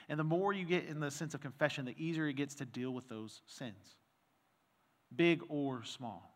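A man's voice: on the high side, lively intonation, moderate pace, pushed and bright, big-room sound. A male pastor giving a conversational sermon, telling a personal story with quoted dialogue and reading scripture aloud.

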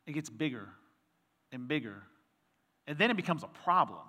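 A man preaching a sermon in a relaxed, conversational way, trading personal anecdotes and quoted back-and-forth before reading scripture. His voice sits a little high and sounds bright and forceful. It rings out with a long reverb, as in a church sanctuary. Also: normal speed. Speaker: pastor.

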